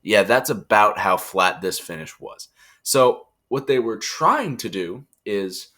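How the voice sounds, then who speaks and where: A man's voice: lowish voice, very animated, slow pace, pushed and bright. Tired, chatty young man reviewing wrestling. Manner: chatty, jokey, acts out quotes in funny voices. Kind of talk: casual review monologue.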